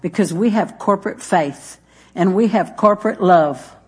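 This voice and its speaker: A woman's voice: medium pitch, moderate pace, husky. Woman preacher, emphatic, repeats phrases, sermon. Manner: emphatic, repeats phrases, talks straight to listeners.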